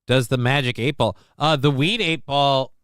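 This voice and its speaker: Bright, crisp-voiced man rambling on a live stream. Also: mid-range voice, normal speed, no echo. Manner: rambling storyteller, swears freely, reads chat aloud; quotes himself and others in livelier raised voice. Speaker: livestream host. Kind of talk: casual live-stream chat with chat reading. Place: home desk.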